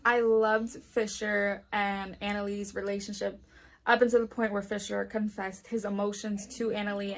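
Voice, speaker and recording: A woman's voice: mid-range voice, creaky, a bit bright. A young woman chatting casually in a book review vlog, often saying "like" and acting out the characters' lines. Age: young adult.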